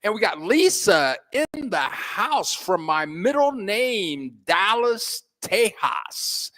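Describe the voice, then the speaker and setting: A man with a fairly high voice hosts a relaxed live stream from home, taking his time as he greets each viewer. His shout-outs are playful and folksy, with an easygoing, chatty delivery. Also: slow pace. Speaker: host of a live stream about living abroad. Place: home in a Mexican city.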